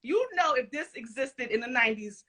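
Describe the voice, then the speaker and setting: Interview guest, woman, higher pitch and bright tone, animated storyteller with casual slang. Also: brisk. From Caribbean and Central American family background. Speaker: guest, former music video dancer.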